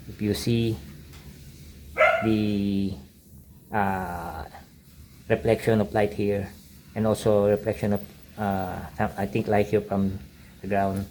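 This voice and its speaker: A man's voice: fairly low pitch, a little mellow, a little hiss or hum. A middle-aged man, an art channel host, casually talking through his old drawings, rambling with many fillers and restarts. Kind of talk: casual sketchbook tour narration.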